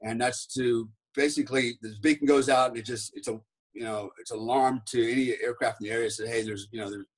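A man's voice: medium pitch, fairly even intonation, a little fast, poor audio. A man, a podcast guest and former special forces soldier, telling a rambling story in casual talk, peppered with "right?" and "man".

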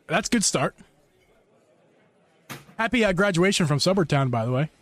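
A man's voice: on the high side, animated, moderate pace, a bit bright. A young man hosting a casual podcast, out of breath, teasing his co-host and laughing often. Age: young adult.

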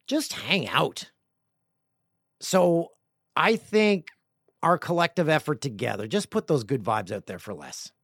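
A middle-aged man hosting a casual podcast, reading listener emails aloud with playful, jokey, rambling asides that swing between loud bursts and quiet mutters. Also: on the high side, no echo, studio quality. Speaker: podcast host.

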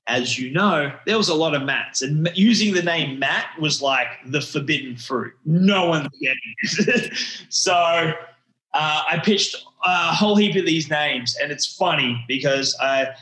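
A man's voice: a little high, unhurried, sharp tone, reverberant, a little hiss or hum, poor audio. A man in his thirties with an Australian accent, telling stories as a guest in a casual interview, slangy and full of restarts. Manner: rambling storyteller, slangy, many restarts.

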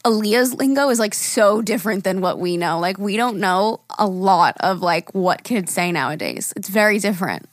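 A young woman with a raspy voice co-hosting a podcast in casual chat, peppering her talk with "like". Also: medium pitch, expressive, normal speed, hardly any pauses, no echo, clean studio sound. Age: young adult. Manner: chatty, lots of "like", swears casually. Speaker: podcast co-host.

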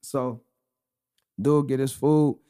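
Speaking slowly in a mid-range, clean voice, a young man on a podcast he co-hosts relates an anecdote in slangy, lively banter, repeating "bro" frequently.

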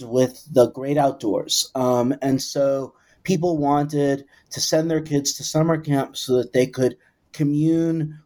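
A man answering an interview question, giving historical background in a measured, reflective way. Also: medium pitch, dark tone. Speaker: guest expert.

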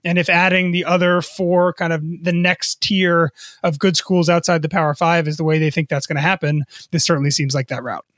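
A man's voice: a little high, level tone, brisk, a bit bright, no echo, clean studio sound. A man co-hosting a sports business podcast, talking casually and often repeating words as he thinks. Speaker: co-host, sports business reporter.

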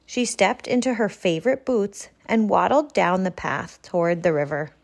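A woman reading a picture book aloud to a child, gentle and expressive. She reads slowly, and her voice moves through a wide, lively range. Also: fairly low pitch, gravelly.

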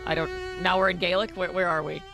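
A woman co-hosting a radio show, doing improv comedy with animated, sarcastic asides. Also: fairly low pitch, fast talker, over loud music. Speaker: radio co-host.

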